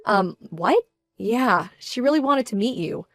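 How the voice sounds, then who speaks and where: A woman's voice: mid-range voice, expressive, no echo, soft background music. A woman playing a hurt, indignant bride-to-be. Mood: disappointed. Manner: indignant, measured, cold. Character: young bride-to-be, hurt and proud, quietly fierce. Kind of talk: scripted story drama.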